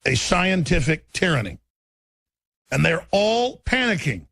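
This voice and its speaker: Gravelly ranting radio host. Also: male voice, a little high, big pitch swings, measured pace, a bit bright, dry recording. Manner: intense, ranting, emphatic. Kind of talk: political commentary broadcast.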